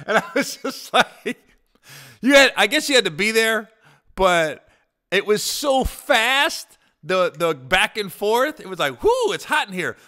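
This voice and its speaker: A man's voice: fairly high pitch, pushed and bright. A man hosting a podcast, telling rambling comic stories with swearing and frequent laughter. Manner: rambling comedic anecdotes, profane, laughs often. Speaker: podcast host. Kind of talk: casual storytelling.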